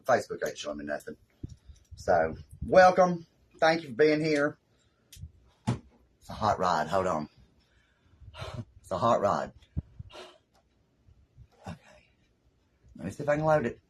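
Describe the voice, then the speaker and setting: A woman's voice: rumbling low, sing-song, measured pace, long pauses, a little hiss or hum, rough recording. A woman with a Southern US accent, hosting a casual craft live stream and chatting in a rambling way with her viewers from her home craft room.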